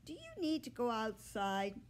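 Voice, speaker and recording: A woman's voice: on the high side, huge pitch swings, measured pace, pitched above the performer's own voice. A woman doing an eager young girl.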